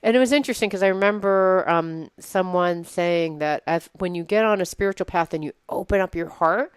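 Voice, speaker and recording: Woman, 40s, casual chat co-host, animated storyteller, lowish smooth voice, dry close mic. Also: a little fast, no echo. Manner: animated storytelling, acts out her own inner voice. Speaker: podcast co-host.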